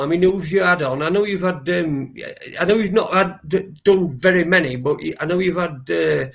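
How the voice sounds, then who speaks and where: A man's voice: on the high side, normal speed, gravelly, hardly any pauses. A man hosting a casual live show, rambling and restarting his sentences and swearing freely. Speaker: host.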